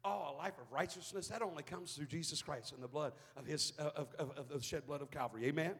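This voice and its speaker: High-voiced impassioned preacher man. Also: fast talker, big-room sound. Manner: impassioned, plays out bible characters, rising to shouts. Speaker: pastor. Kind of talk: sermon.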